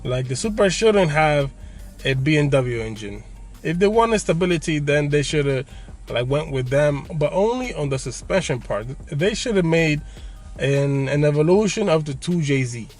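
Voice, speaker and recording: A man's voice: fairly high pitch, animated, normal speed, soft background music. A man hosting his car channel, giving opinions in a joking, casual way with frequent laughs.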